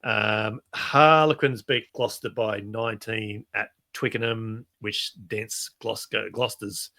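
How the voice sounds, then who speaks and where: A man's voice: fairly low pitch, steady tone, measured pace, sharp tone. A man co-hosting a rugby podcast, chatting casually and running through results with frequent restarts. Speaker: podcast co-host.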